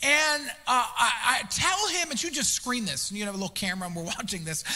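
A man in his thirties, a pastor, preaching with an animated, self-deprecating storytelling style and acted-out quotes. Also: very high voice, a little fast, hardly any pauses. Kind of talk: storytelling sermon. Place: church auditorium. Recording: long church hall reverb.

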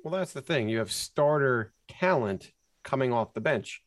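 A man's voice: medium pitch, lively intonation, moderate pace, dry recording. A man co-hosting a casual sports podcast, animatedly walking through game sequences. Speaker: podcast co-host.

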